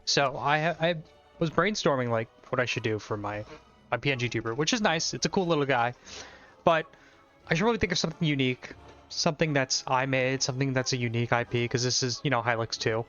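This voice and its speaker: A man's voice: mid-range voice, fairly quick, a bit bright. A young man chatting casually as he streams and plays an indie game. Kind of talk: casual gameplay commentary. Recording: slightly muffled mic with faint music.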